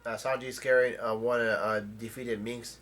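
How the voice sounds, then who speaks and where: A man casually summarizing the plot of a comic chapter, with halting speech full of ums, uhs and restarts. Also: mid-range voice, little pitch movement, fairly bright tone, a little hiss or hum. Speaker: manga chapter recapper.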